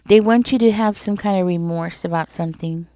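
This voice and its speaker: A woman's voice: on the low side, brisk, dark tone, clean tone, no room sound. A woman giving a casual tarot reading straight to her viewers, talking in a loose, repetitive way and often checking in with them. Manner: conversational, repeats herself, speaks directly to viewers. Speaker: tarot reader.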